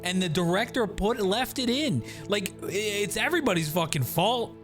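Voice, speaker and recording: A man's voice: sits high, animated, normal speed, a bit bright, soft background music. Rambling, foul-mouthed male streamer. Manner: rambling, swearing, tangents. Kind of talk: casual gaming commentary.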